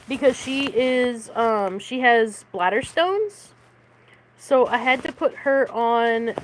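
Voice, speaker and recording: A woman chatting casually on a late-night stream from her bedroom, often coughing and clearing her throat. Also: fairly bright tone, slight background noise. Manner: high baby-talk voice to her cat.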